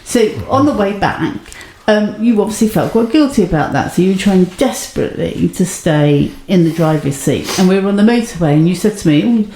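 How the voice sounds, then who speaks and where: A woman's voice: fairly low pitch, fairly quick, dark tone, reverberant, a little hiss or hum. A woman co-hosting a podcast, telling a story in casual chat and acting out quotes, laughing often. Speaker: podcast co-host.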